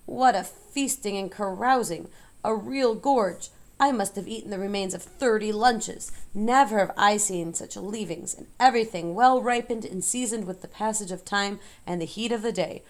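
A woman reading a storybook, voicing a greedy, boastful male rat with a slow, gloating drawl. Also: mid-range voice, lightly acted.

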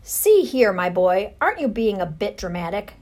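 A woman's voice: mid-range voice, sing-song, moderate pace, darkish tone, lightly acted. A woman voicing a pompous, cautious uncle mouse in a storybook reading, blustering and hedging.

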